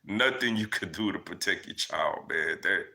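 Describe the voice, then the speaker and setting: Low-pitched and expressive with vocal fry, his bright, forceful voice moves at a moderate pace. This young streamer answers viewer comments in a loose, conversational Q&A, leaning heavily on "man" and "yo."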